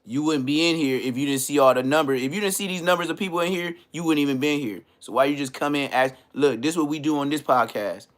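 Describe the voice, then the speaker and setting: A man hosting a podcast, delivering a comedic roast rant full of slang and mocking jabs, swinging between loud outbursts and low muttered asides. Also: quick pace, few pauses. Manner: trash-talking, heavy slang, mocking. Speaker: podcast host.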